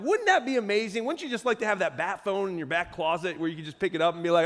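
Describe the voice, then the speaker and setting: High-voiced pastor preaching in a hall. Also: male voice, brisk. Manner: animated storytelling with quoted voices. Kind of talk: sermon.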